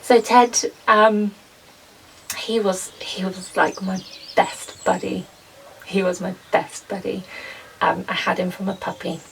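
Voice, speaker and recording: Young female garden vlogger, very gravelly low-fry voice, a bit off-mic, faint room noise, chatty and rambling. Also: level tone, slow, pauses often, distant mic, rough recording. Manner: chatty, rambling, lots of ums and soft laughs. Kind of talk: casual chat to camera. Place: garden potting shed.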